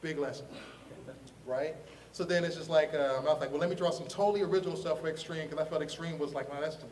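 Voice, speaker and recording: A man from Ohio, a comic artist telling his story in a lively, slangy way, laughing often and acting out the voices of the people in it. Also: on the high side, fast, recorded from a distance, slight background noise. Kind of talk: animated storytelling on a podcast.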